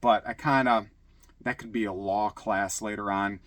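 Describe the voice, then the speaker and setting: A middle-aged former police officer from Michigan telling casual stories, acting out quotes with a raised voice. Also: male voice, on the low side, normal speed, dry recording. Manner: animated, acts out shouted quotes in a raised voice. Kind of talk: casual storytelling.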